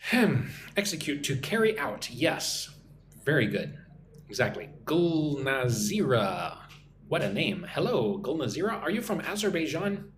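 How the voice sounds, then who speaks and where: A man's voice: on the high side, big pitch swings, measured pace, slight background noise. An American man in his forties, an English teacher hosting a live-stream lesson, chatting casually as he reads viewer comments aloud and answers them. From United States. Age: 40s.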